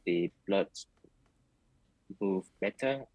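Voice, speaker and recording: A man's voice: deep voice, drawn-out words, dull audio. A man answering speaking test questions in a hesitant way, heard through a played-back recording of the test. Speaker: exam candidate.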